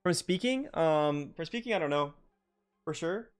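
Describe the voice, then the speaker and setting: A man's voice: fairly high pitch, animated, moderate pace, clean tone, faint music behind. A young man live-streaming a game, chatting casually and answering viewers' questions between rounds, with lots of fillers. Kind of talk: casual live-stream chat while gaming.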